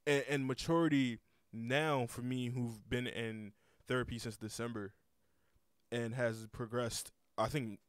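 A man's voice: medium pitch, fairly even intonation, measured pace, clear, resonant tone, no echo, studio quality. A young man hosting a casual podcast, rambling with lots of repeated words and cursing freely. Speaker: podcast host.

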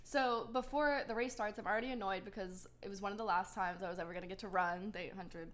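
A woman's voice: mid-range voice, fast talker. A young woman co-hosting a podcast, telling a candid, self-mocking story in a casual way. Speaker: podcast co-host.

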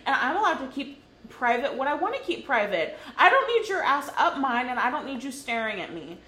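Young woman from the midwest ranting, cussing a lot, kinda high voice, roomy echo. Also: very animated, brisk, pushed and bright. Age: young adult. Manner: blunt, profane and indignant. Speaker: podcast co-host. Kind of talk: casual chat. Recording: echoey room.

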